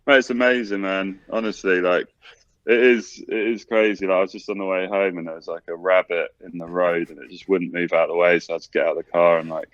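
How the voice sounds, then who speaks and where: A man talking as the guest of a casual video-call interview, relaxed and rambling, with plenty of fillers. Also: sits low, fast talker, no echo, highs cut off. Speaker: DJ and producer, guest.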